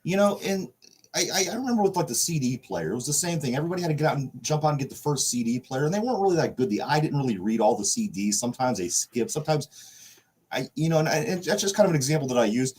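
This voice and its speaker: A man's voice: a little high, lively intonation, fast, a little mellow, breathy edge. A man from the Pittsburgh area co-hosting a sports podcast, rambling with restarts and casual swearing as he reads the news. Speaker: podcast co-host.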